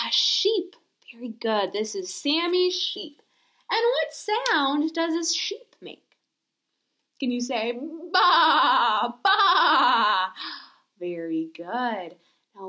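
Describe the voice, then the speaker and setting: A woman as a children's librarian, leading a storytime with slow, gentle, exaggerated prompts to young listeners. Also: a little high.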